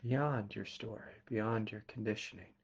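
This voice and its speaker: A man from Kentucky with a Southern accent, a spiritual teacher giving a slow, meditative satsang talk and asking quiet questions between soft laughs. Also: fairly low pitch, fairly even intonation, breathy edge, lo-fi sound. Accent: Southern American. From Kentucky, USA.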